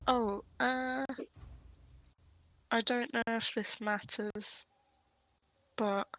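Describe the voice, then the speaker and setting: A woman speaks slowly and flatly as a player in a tabletop game, her voice bright and gravelly. She hesitates with many ums. Quiet music plays behind her. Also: on the high side, no echo, low-quality recording. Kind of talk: casual chat playing a tabletop game.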